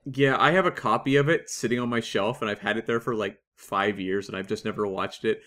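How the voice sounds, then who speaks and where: A man's voice: on the low side, fairly quick, fairly bright tone. Chatty Canadian man, podcast co-host. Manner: chatty, enthusiastic, many fillers. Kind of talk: casual podcast chat.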